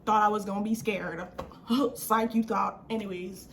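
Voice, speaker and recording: A young adult woman vlogger telling a storytime in a casual, slangy, animated way, acting out what people said. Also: medium pitch, moderate pace, gravelly, slight background noise. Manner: animated, slangy, acts out quotes.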